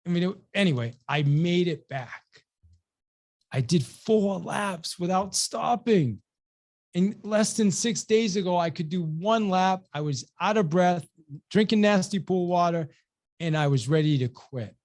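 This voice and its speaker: A man's voice: high voice, lively intonation, unhurried, darkish tone. A man hosting a webinar, telling a personal story with energy, acting out both sides of the dialogue, often repeating words and restarting. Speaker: webinar host and real estate coach.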